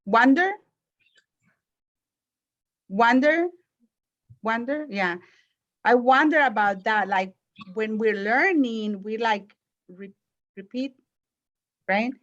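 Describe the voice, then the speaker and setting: Slow, hesitant woman student asking questions. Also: fairly high pitch, a bit bright. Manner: hesitant, searching for words. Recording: muffled lo-fi recording.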